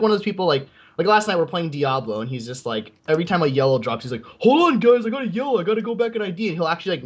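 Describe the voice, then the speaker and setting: A young man co-hosting a gaming podcast, venting in a rambling way with lots of "like" fillers. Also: a little high. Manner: rambling, heavy use of "like", frustrated venting. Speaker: podcast co-host. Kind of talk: casual gaming chat.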